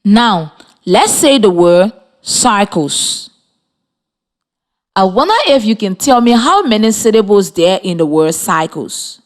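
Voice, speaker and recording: Teaching reading by radio, a woman from Liberia speaks slowly and clearly to the children, encouraging them with questions. Her voice is medium in pitch.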